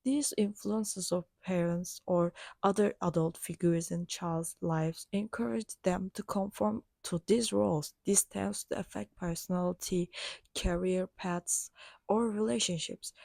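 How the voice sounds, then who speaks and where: A woman reading a prepared lesson aloud in a careful, measured way, with small restarts. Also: on the low side, fairly even intonation, vocal fry, a little mellow, dry recording. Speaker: educational presenter.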